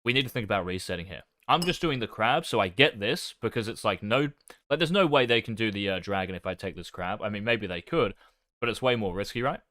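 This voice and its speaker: A man talks through his own gameplay in a casual coaching tone, tossing in swear words and jokes at his own expense. His voice sits on the lower side, recorded close and dry with no room sound. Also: lively intonation, brisk, bright, forceful tone, no echo. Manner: swears casually, self-deprecating. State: talking with his mouth full.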